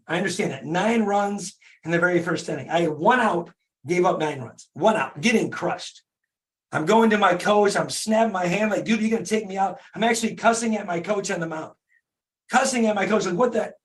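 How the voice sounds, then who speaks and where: A hoarse man in his forties from Michigan, a podcast host giving a fervent, repetitive motivational talk in casual slang. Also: high voice. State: hoarse from laryngitis. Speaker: podcast host, dentist and business owner. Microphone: speaking to an online call audience.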